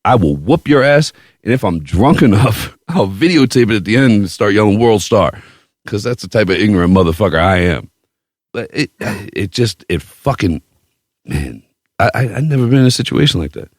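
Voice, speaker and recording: A very deep-voiced man spins a boastful, foul-mouthed story on a podcast, swinging his pitch widely as he acts out his own outbursts. The sound is dry and close, with no room echo. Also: normal speed. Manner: profane, boastful and animated, with quoted outbursts. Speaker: podcast host. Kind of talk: casual storytelling chat.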